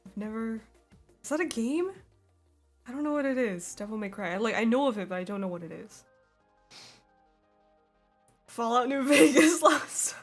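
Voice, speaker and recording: A woman's voice: on the high side, fairly quick, faint music behind. A young woman streaming while she draws, chatting casually with viewers in a giggly, laughing way at a desk microphone. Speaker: streamer drawing and reading chat. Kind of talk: casual live-stream chat.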